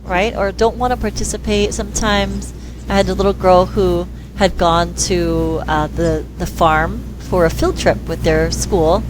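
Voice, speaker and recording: Woman speech therapist chatting in an interview, animated, noisy hum behind her. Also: lowish voice, a little slow. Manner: lively, acts out quoted dialogue in voices. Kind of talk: conversational interview.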